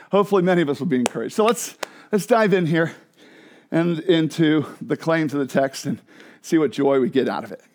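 A man preaching an evangelistic sermon with passion, swinging from hushed low phrases to loud emphatic ones. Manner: frequent laughs and restarts. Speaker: pastor.

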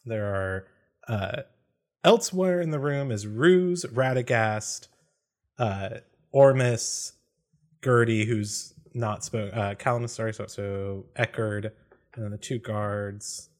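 A man's voice: on the low side, slow pace. A man narrating a tabletop game as game master, hesitant, with frequent fillers.

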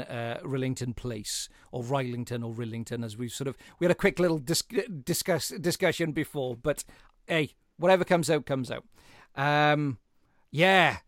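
A man's voice: medium pitch, no room sound, studio quality. A man hosting a film podcast, chatting enthusiastically and rambling a bit. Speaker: podcast host. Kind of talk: casual film chat.

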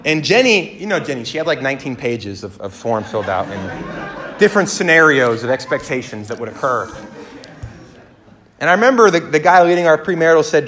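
A man in his thirties preaching a sermon, telling stories with lively acted-out dialogue that swings his voice up and down. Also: moderate pace, pauses often. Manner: animated storyteller, acts out dialogue with big pitch jumps. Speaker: pastor.

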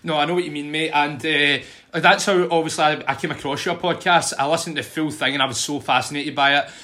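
A man's voice: a little high, steady tone, fast talker, bright, forceful tone. A man hosting a podcast, chatting casually and calling his guest "mate" in nearly every line. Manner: casual and friendly, keeps saying "mate". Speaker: podcast host. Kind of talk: casual interview chat.

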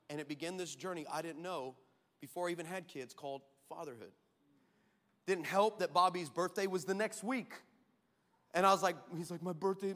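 A man preaching a sermon as pastor, telling a story in an animated way, acting out quotes and laughing often. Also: high voice. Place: large church hall. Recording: reverberant church hall.

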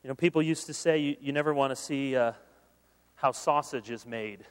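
A man preaching a sermon as pastor, conversational and animated, mixing humor with earnest appeals. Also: medium pitch, moderate pace. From Michigan, USA. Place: large conference hall. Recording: long hall reverb.

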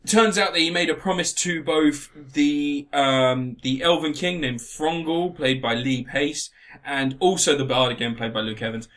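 A man in casual chat, sarcastically retelling a film plot with lots of swearing and animated asides. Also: mid-range voice. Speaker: podcast co-host reviewing a film.

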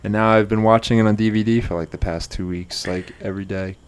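A young man with a fairly low voice banters on a podcast. He teases his co-host with dry, deadpan humor. The talk is loose and casual. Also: quick pace, very noisy. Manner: joking, teasing, deadpan.

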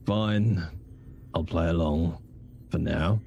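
A man's voice: low voice, extremely slow, vocal fry, soft background music, exaggerated voice. A man playing a dry, sardonic cocky man. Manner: dry, sarcastic. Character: cocky, sardonic male soldier impostor. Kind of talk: tabletop role-play voice acting.

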